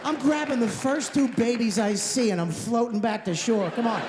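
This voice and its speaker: A man in his thirties doing a stand-up set in a comedy club, ranting sarcastically and mocking people with quick impressions. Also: extremely high pitch, over a noisy crowd. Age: 30s. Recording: live hall reverb, faint noise.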